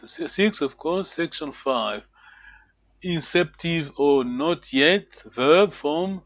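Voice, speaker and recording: Man, language teacher, slow and patient, repeats phrases, dry muffled recording. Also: on the high side, dry recording. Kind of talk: online language lesson.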